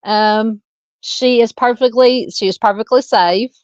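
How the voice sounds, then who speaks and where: A woman's voice: fairly high pitch, steady tone, measured pace, clean tone, no echo, muffled recording. Chatty Southern woman hosting a livestream. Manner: warm, chatty, reads out viewer comments. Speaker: livestream host. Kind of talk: casual live-stream chat.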